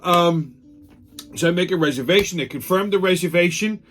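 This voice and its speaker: A man's voice: sits high, normal speed, fairly bright tone, soft background music. A middle-aged man, hosting a casual monologue show, blunt, profane and ranting. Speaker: podcast host.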